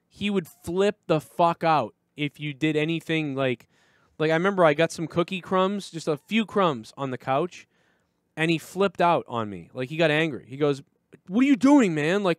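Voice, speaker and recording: Brief: swearing New host, slightly high voice, dry close sound. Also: male voice, moderate pace, smooth, dry recording. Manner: profane, rambling storytelling. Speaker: live show host. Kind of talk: casual chat.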